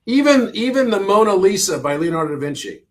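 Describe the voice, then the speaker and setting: A middle-aged man with a notably high voice talks as a podcast guest. He explains number patterns eagerly, repeating key figures for emphasis and laughing now and then. The tone is casual conversation. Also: sing-song, brisk.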